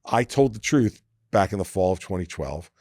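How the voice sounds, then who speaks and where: A New man in his sixties spins political war stories as a podcast guest. He acts out everyone he quotes and often doubles back mid-sentence. His voice sits on the low side and is recorded dry and close. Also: normal speed, no echo. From New Jersey, USA. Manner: animated anecdote teller who acts out quoted people, with frequent restarts. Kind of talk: casual storytelling in conversation.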